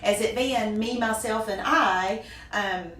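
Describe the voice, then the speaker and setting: Her medium-pitched voice moves slowly as she, a middle-aged Southern US small business owner, graciously fields questions in a conversational interview. Warm laughter comes up often. The mic sits at a distance in an echoey room, with a faint hiss of noise.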